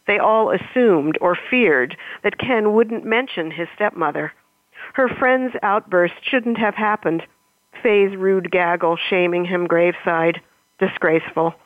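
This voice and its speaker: A woman author in an interview, speaking thoughtfully with halting pauses, then reading aloud from her own novel. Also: lowish voice, no echo. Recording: tinny phone line.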